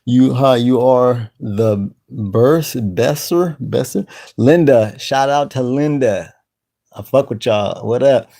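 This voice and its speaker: A man hosting a casual live stream, greeting viewers by name in relaxed slang. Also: mid-range voice, takes it slowly, vocal fry. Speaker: channel host.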